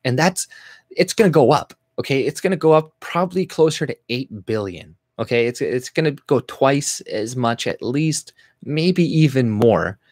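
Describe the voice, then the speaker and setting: A man's voice: medium pitch, lively intonation, moderate pace. A Canadian man with an ordinary, mid-range voice rants on his own livestream, cursing freely and stumbling through "you know" and "like" as he reacts to viewer comments. His voice sounds close and dry, with no room echo. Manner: blunt, profane, heavy on fillers and restarts. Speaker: YouTube channel host.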